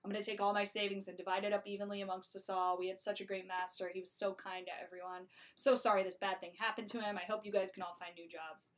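A woman doing a soft-spoken, sorry male servant. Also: medium pitch, little pitch movement, quick pace, hardly any pauses, close to an everyday voice. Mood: regretful. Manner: soft, regretful. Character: loyal, apologetic male servant.

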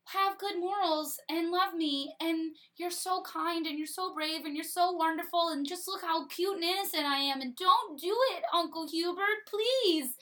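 A man's voice: very high-pitched, moderate pace, few pauses, sharp tone, pitched above the performer's own voice. A woman voicing a pleading young prince who begs in a sugary, wheedling way. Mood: begging.

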